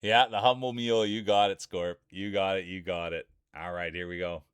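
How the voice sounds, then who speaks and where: A man's voice: low-pitched, steady tone, moderate pace, a bit bright, clean tone, no echo, studio quality. A man commentating live marble races on his stream, chatty and rambling, greeting viewers by name and breaking into laughter at wild moments. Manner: hype-building, calls out viewers by name.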